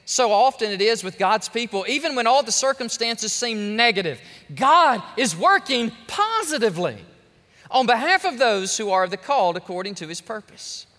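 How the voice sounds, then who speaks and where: A male pastor preaches with emphatic, playful energy. His voice is high and bright and swings widely in pitch. The sound carries a long reverb from a church hall. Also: moderate pace. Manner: animated, emphatic, folksy humor. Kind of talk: sermon.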